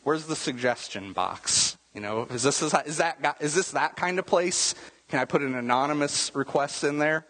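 In a large hall, a man with a slightly high, somewhat bright voice preaches a sermon as pastor at a normal pace. His style is conversational and casual, full of rhetorical asides as he keeps checking in with the congregation by asking "right?"

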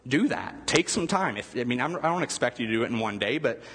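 A man's voice: medium pitch, lively intonation, fast, a bit bright, breathy edge, big-room sound. A male pastor giving a conversational sermon, asking his listeners questions as he goes. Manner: conversational, asks the room questions.

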